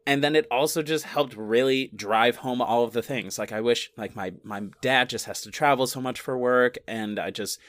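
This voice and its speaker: A young man co-hosting a podcast, casually recapping a movie, relaxed, laughing and quoting scenes. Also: medium pitch, normal speed, hardly any pauses, dry recording. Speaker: podcast co-host.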